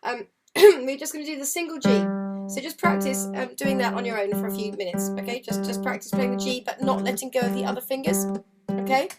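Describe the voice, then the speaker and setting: Chatty woman teaching harp over loud playing. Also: sits high, fairly quick. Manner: encouraging, chatty, sings counts and rhythms. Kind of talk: live online music lesson. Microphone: video call. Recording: loud harp music under voice.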